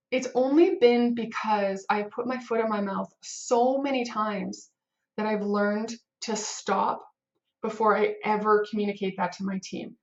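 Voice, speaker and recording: Speaking in a mid-range, slightly mellow voice, this woman leads a web development team and offers rambling, casual tips to camera. She leans on fillers and acts out moments of inner panic, while the audio has its highs cut off.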